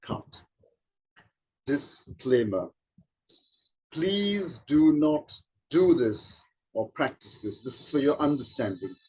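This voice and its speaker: Male coach, breathy and husky, unhurried delivery, demonstrates sounds as he explains. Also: medium pitch, lively intonation, mellow, rough recording. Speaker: accent trainer. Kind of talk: informal spoken explanation.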